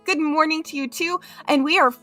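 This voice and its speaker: A woman's voice: sits high, steady tone, a little fast, over loud music. A woman hosting a casual crochet live stream, bubbly and giggly, greeting her chat one by one.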